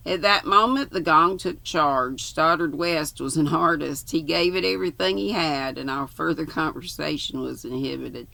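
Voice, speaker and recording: A woman's voice: deep voice, normal speed, vocal fry, few pauses, pushed and bright, dry recording. An older woman reads a novel aloud, stopping for folksy, chatty asides. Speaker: audiobook reader.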